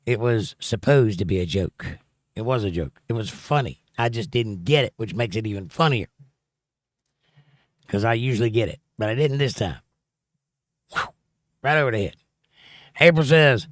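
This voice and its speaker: A man's voice: mid-range voice, lively intonation, moderate pace, dry recording, studio quality. A man hosting a casual livestream, reading viewer comments aloud and joking about them. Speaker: livestream host reading chat. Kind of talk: casual chat. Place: home livestream setup.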